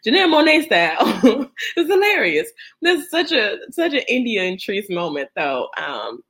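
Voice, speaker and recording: A woman's fairly high voice tells a story on a casual podcast. She is an animated storyteller in her thirties who laughs often and breaks into bits of song. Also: normal speed. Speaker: podcast host. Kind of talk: casual chat.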